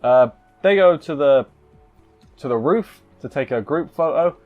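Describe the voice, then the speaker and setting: A man's voice: on the high side, expressive, a little slow, narrow, tinny audio, faint music behind. A man casually recapping an anime episode, rambling and cutting himself off with playful asides. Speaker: anime reviewer.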